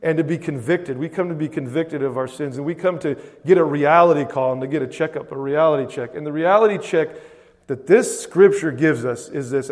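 A man preaching a sermon as a pastor, conversational and emphatic, swinging between loud and soft. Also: a little high, big-room sound. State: choked up with emotion.

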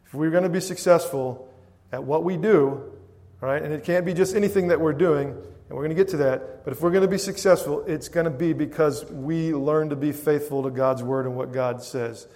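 A man's voice: a little high, normal speed, dark tone. A man preaching a sermon as pastor, often calling out "Amen?" to the congregation. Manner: preaching with frequent "Amen?" call-outs to the congregation. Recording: long hall reverb.

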